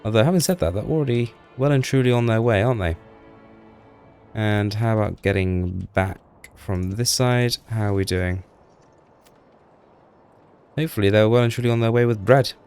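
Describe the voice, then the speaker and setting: A deep-voiced man gives casual commentary over his own gameplay, chatty and self-deprecating. He talks to the little people on screen as he goes, with faint music underneath. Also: normal speed, pauses often, a little mellow, clean tone.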